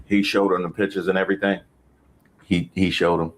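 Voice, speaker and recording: A man's voice: low-pitched, fairly quick, slight background noise. A man hosting a stream, giving joking commentary on news clips and talking straight to the person in them. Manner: animated, joking, talks straight to the subject of the clip. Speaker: stream host.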